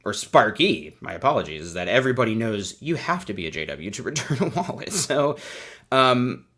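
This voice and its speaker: A man's voice: mid-range voice, very animated, fairly quick, fairly bright tone, slightly rough. A man hosting a livestream, giving sarcastic, rambling commentary in a casual chat. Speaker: host.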